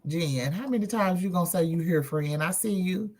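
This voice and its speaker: A woman's voice: on the low side, moderate pace, a little mellow. A woman hosting a livestream, chatting casually and bluntly with viewers and swearing freely. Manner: blunt and profane, talks straight to chat. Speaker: livestream host.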